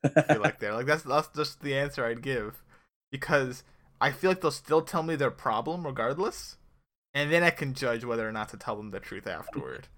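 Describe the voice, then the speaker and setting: A man co-hosting a casual podcast, animated and joking, thinking aloud with lots of asides. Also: medium pitch, normal speed. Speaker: podcast co-host.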